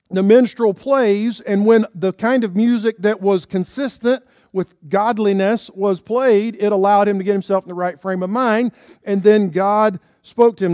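Pastor guy preaching, high voice, keeps asking okay? right?, dry close sound. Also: a little mellow, no echo. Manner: conversational preaching with frequent "okay?" and "right?" check-ins. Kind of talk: sermon. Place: church.

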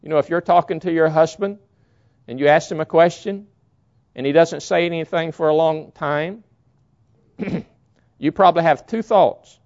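Preaching with emphasis, a man illustrates his message by frequently acting out brief quotes. His voice is a little high and darkish, at a moderate pace with frequent pauses, captured in dull lo-fi sound.

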